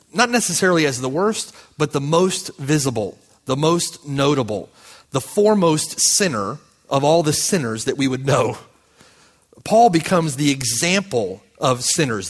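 A man's voice: a little high, a bit bright. A man preaching a sermon as pastor, speaking with impassioned, building emphasis.

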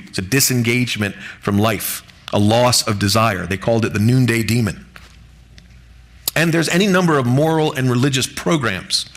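A man preaching a sermon to his congregation in an earnest, measured way, lifting his voice on key words. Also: lowish voice, fairly bright tone. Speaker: pastor.

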